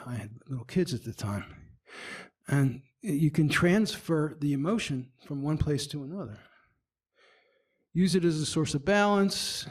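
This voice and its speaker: A man presenting at a marketing meetup. He speaks in a lively, demonstrative way, acting out facial expressions and often stumbling and restarting his sentences. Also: a little high. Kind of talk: presentation talk.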